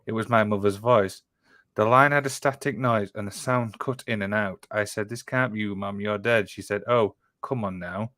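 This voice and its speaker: A man's voice: lowish voice, fairly even intonation, normal speed, bright, forceful tone, no room sound. A man co-hosting a casual podcast who reads listener stories aloud and exclaims often. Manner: exclaims often, trails off, restarts. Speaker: podcast co-host.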